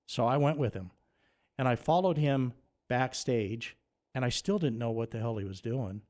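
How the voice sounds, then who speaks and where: A man telling a funny story in a casual chat, lively and animated, often climbing to excited near-shouts at the punchlines. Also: mid-range voice, normal speed. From Nevada. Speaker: radio host guest.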